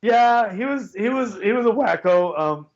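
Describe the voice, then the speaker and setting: A man's voice: high voice, animated, moderate pace. A middle-aged man with a slightly raised voice tells a rambling story over a video call, circling back and restarting his sentences as he goes. The audio is dull and muffled, and his voice rings in an echoey room. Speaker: podcast host. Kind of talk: casual chat.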